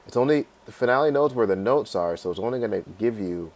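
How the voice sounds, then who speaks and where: A man teaching a class how to add lyrics in notation software, talking casually with fillers and checking in with "right?". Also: on the low side, animated, fast talker. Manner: casual, repeats "right?" and fillers, sings melody snippets. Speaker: music teacher. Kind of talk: screen-recorded software tutorial.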